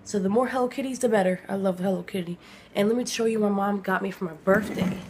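A woman's voice: mid-range voice, fast talker, a little hiss or hum. Gushing woman showing her gifts. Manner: gushing, chatty, drops to soft whispers. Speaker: vlogger. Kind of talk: casual vlog chat. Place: home, indoors.

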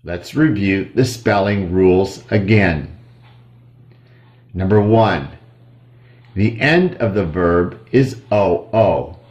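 A man with an American accent teaching English grammar to children, slowly spelling out letters and repeating drill sentences. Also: low voice, darkish tone, highs cut off. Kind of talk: slow drilled grammar lesson for kids. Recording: echoey room.

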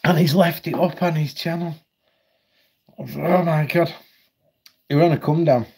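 A man's voice: a little high, steady tone, a little slow, gravelly, a little mellow, breathy edge. A man ranting at home on his channel, blunt, heated and full of swearing. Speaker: vlogger. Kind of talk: ranting commentary.

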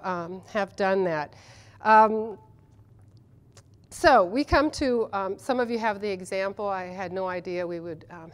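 A woman who translates literature, speaking at a conference panel in a chatty, enthusiastic way with many ums and restarts. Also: mid-range voice. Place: conference session room.

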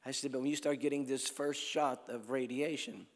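A man's voice: medium pitch, fairly even intonation, moderate pace. Preaching man in a reverberant hall. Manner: storytelling, swings from loud calls to hushed lines. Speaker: evangelist preacher. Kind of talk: healing crusade sermon.

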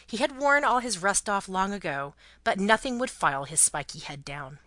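A woman reads a classic novel aloud as expressive scripted narration. Her pitch moves in lively swings and her tone is bright and forceful. The recording is dry and close. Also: moderate pace, few pauses, dry recording. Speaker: audiobook narrator.

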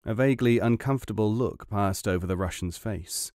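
An audiobook narrator, male, reads a scripted story in a measured, even voice. His pitch sits on the low side, and the recording is dry and studio quality.

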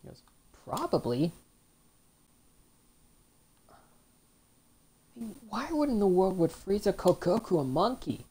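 A woman's voice: mid-range voice, very animated, unhurried, pauses often, dark tone, husky. A woman host giving chatty let's-play commentary, reacting to a fighting game and reading its text aloud. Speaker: gaming channel host.

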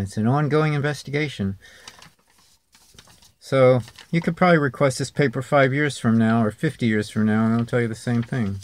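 A man's voice: mid-range voice, creaky, no room sound. A man vlogging at home, talking in a sarcastic, rambling way straight at an unseen viewer. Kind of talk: casual monologue to camera. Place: home, near a street.

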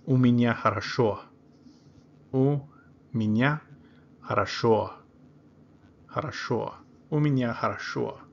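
A man teaching a beginner language lesson, saying each phrase slowly and repeating it for learners. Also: mid-range voice, dull audio, a little hiss or hum. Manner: slow, repeats words carefully for learners.

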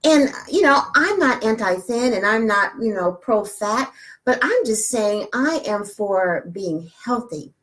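A woman over forty hosting a casual live video chat, heartfelt and chatty, laughing often and pausing to find her words. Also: on the high side, expressive, a bit bright, low-quality recording. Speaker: wellness group host.

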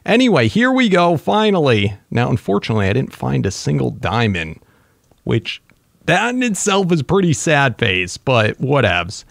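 A man hosting a casual let's-play, commenting excitedly to himself as he plays. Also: medium pitch, moderate pace, gravelly, no echo. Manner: excitable, talks to himself while playing. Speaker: gaming channel host.

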